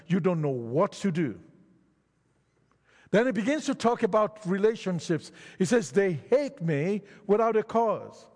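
A man delivers a sermon in a fairly high voice, his words carrying through a long hall reverb. He swings between loud, pleading stretches and hushed, slow passages. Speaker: preacher.

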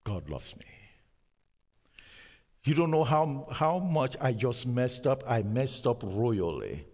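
Male preacher, middle-pitched voice, slow emphatic sermon delivery, big reverberant hall. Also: animated, a little mellow. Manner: slow, emphatic preaching with dramatic pauses and sudden drops to near-whisper.

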